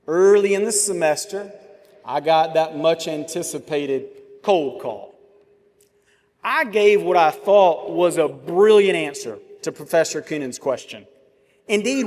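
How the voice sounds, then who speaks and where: Man in his forties, commencement speech, slightly high voice, long hall reverb. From Georgia, US. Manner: measured oratory with dramatic pauses and vivid storytelling. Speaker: commencement speaker. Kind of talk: commencement address. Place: large ceremony venue. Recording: long reverb of a large venue.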